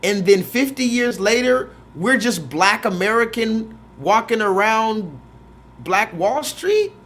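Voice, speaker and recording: A man hosting a casual livestream, ranting with quick asides. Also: high voice. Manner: animated, rant-like, quick asides; mocking put-on voices when quoting films. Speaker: host.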